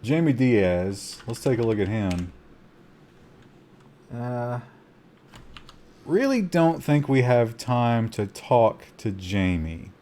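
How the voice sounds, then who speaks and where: A man streaming a survival game, giving live commentary with excitable gasps between calm asides and talking to his chat. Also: mid-range voice, slow, pauses often. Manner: talks to chat.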